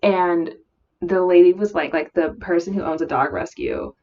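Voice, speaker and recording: A woman's voice: on the low side, steady tone, moderate pace, a little mellow. A woman vlogger rambling in casual chat while doing her makeup. She mumbles and fills her talk with "like.". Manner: filler-heavy valley-girl chatter. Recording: dull lo-fi audio.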